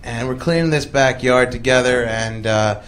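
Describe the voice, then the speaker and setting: A man's voice: mid-range voice, moderate pace, a bit bright. Chatty male comedian telling a story. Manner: chatty, laughing, many fillers. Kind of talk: stand-up storytelling. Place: stage before a live audience. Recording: live recording with audience noise.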